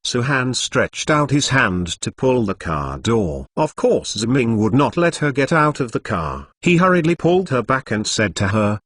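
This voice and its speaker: A man's voice: medium pitch, very animated, measured pace, hardly any pauses, a bit bright, slightly rough, dry recording. Synthetic male narrator reading punctuation aloud. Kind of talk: scripted novel narration.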